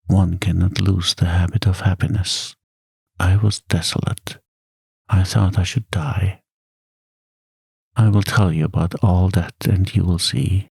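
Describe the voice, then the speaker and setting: A man softly voicing Emma Bovary, pleading lover. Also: deep voice, fairly even intonation, a little slow, vocal fry, breathy edge, no room sound, full character voice. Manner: soft-spoken, coaxing. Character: woman, lovelorn pleading young wife.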